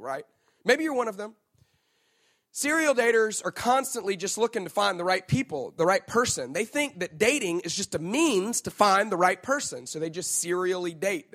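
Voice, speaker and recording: Speaking to the crowd directly, a pastor in his thirties gives a sermon in a bright, high-pitched voice. He's playful and teasing, joking with his listeners.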